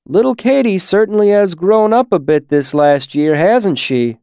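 Guy putting on a laid-back village man thinking out loud. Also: sits high, a little slow, clear, resonant tone, no room sound, studio quality, pitched above the performer's own voice. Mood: musing. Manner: musing. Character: musing male villager, easygoing.

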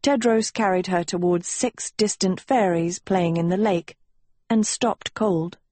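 A woman narrating a story in a measured, slow reading voice. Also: on the low side, dark tone, no room sound. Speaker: audiobook narrator. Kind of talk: scripted narration.

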